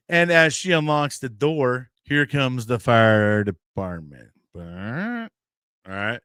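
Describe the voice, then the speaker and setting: A man's voice: mid-range voice, slow pace, clear, resonant tone, no room sound, clean studio sound. Rambling American man telling a story. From United States. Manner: rambling, animated storyteller acting out quoted voices. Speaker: podcast host. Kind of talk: casual storytelling.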